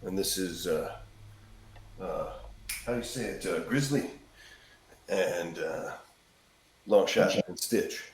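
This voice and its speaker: Man, role-play player, very low voice, hesitant, roomy sound with faint noise. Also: slow pace, pauses often.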